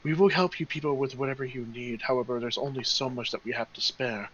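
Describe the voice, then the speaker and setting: Tired, measured leader of a crowd, man voicing her, soft and quiet; dull sound. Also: mid-range voice, a little hiss or hum, natural voice. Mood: weary. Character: weary female leader of refugees.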